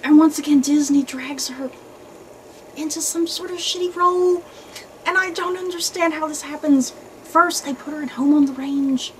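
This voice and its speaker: A woman hosting a casual movie review chat, animated and chatty, often laughing. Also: high voice, moderate pace, slight background noise, rough recording. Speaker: host.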